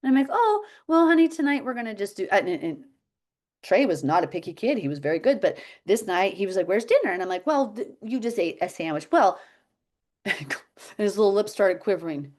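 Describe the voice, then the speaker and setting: A woman's voice: medium pitch, lively intonation, brisk, darkish tone. A middle-aged woman teaching health habits on a video call, chatty and telling stories with frequent laughter. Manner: chatty storyteller, laughs often. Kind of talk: casual video-call chat.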